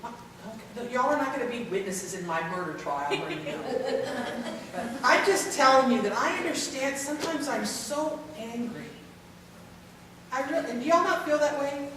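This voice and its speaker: A woman's voice: on the high side, lively intonation, normal speed, a crowd in the background. A woman giving a candid, self-deprecating talk at a caregiver symposium, joking with the room. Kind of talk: conference talk to an audience. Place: large conference hall. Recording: very echoey hall, voice from far off.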